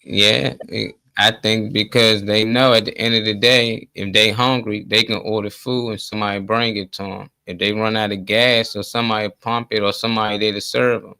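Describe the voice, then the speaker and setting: Laid-back low-voiced male host. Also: little pitch movement, normal speed, vocal fry, few pauses, bright, forceful tone, clean tone, dry recording. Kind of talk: casual call-in chat.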